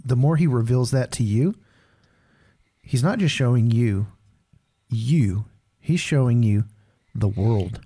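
Host, male, mid-pitch, warm mellow tone, thoughtful and encouraging. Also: takes it slowly, slightly rough. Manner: supportive, thoughtful, searching for words. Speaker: podcast host. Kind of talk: casual conversation.

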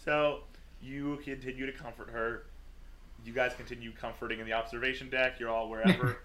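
A man serves as game master for a tabletop game and narrates the scene at an easy pace. He often pauses on fillers. A faint noise sits under his voice. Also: mid-range voice. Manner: relaxed, with many fillers.

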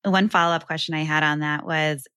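Co-host woman, lower voice with a bright edge, keen follow-ups, dry close mic. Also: fairly even intonation, brisk, smooth, dry recording. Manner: eager, conversational, asks follow-ups. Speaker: podcast co-host. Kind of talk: casual interview chat.

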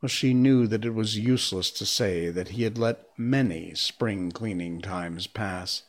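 A man reading a storybook aloud as narrator, measured and expressive. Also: on the low side.

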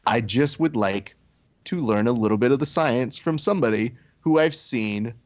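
A man's voice: mid-range voice, moderate pace, highs cut off. A man hosting a casual podcast chat, telling stories animatedly and swearing freely. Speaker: podcast host.

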